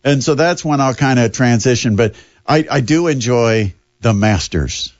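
A man's voice: medium pitch, moderate pace, no room sound. Older man, sports radio host, rambling chatty talk, dry muffled studio sound. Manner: rambling, self-deprecating, chatty.

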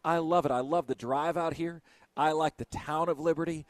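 A man hosting a radio show on location, chatting in a lively, playful way. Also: a little high, normal speed, dry recording.

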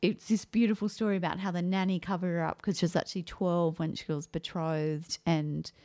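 A woman's voice: lowish voice, steady tone, a little fast, warm tone. A woman co-hosting a casual book podcast, talking animatedly with frequent laughs and fillers. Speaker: podcast co-host. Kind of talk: casual chat about books.

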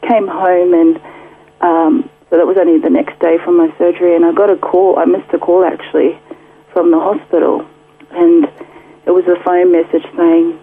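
A woman's voice: on the low side, steady tone, normal speed, breathy edge. A woman casually telling her faith story as a radio guest, chatty, full of fillers, with frequent laughs. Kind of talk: casual testimony. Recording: muffled phone line.

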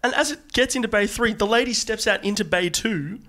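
A young man co-hosting a comedy podcast, telling stories in a casual, animated way that builds in excitement. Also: sits high, fairly quick. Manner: animated storytelling, rising excitement. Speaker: podcast co-host.

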